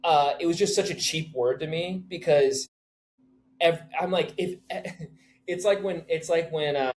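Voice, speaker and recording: A man co-hosting a podcast who tells excited, rambling anecdotes in a casual chat. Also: fairly high pitch, a little slow. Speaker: podcast co-host.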